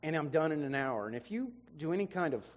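A man preacher tells an emotional testimony and often repeats words as he speaks. His voice is somewhat high for a man. A long reverb from a big hall hangs behind him. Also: animated, fast talker, highs cut off. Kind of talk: sermon testimony.

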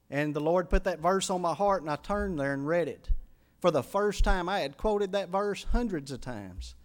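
A middle-aged man, preaching a sermon as a pastor and telling his own testimony, rising from quiet confession to loud, pleading climaxes. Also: high voice, expressive, moderate pace.

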